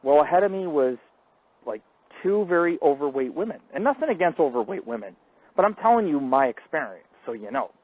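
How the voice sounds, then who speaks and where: Brash, foul-mouthed male radio host rambling through boastful stories, loud bursts then low mutters, thin phone-line sound. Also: very animated, fairly quick, dry recording. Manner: crude, profane, boastful storytelling. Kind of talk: rambling live call-in radio monologue.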